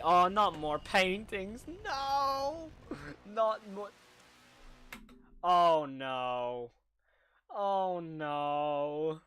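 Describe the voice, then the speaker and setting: A man's voice: a little high, a bit bright, slight background noise. A young man streaming a horror reaction, chatting casually and reacting aloud with repeated exclamations. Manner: chatty, answers viewer questions. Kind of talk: live reaction commentary.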